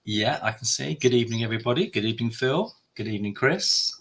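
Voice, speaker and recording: Husky fast-talking male guest. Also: medium pitch, lively intonation, fairly bright tone. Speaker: guest accountant. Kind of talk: casual live-stream chat.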